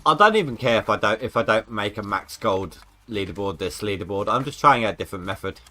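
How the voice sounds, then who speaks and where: A man streams a video game live with casual gameplay commentary, chatting and joking as he thinks aloud about his progress. His voice is on the low side, animated and brisk, with a sharp tone, and his talk rambles.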